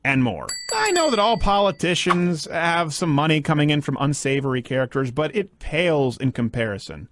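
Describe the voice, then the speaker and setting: A man's voice: on the high side, very animated, moderate pace, few pauses, a bit bright. A man narrating a political commentary in an emphatic way, with sarcastic asides.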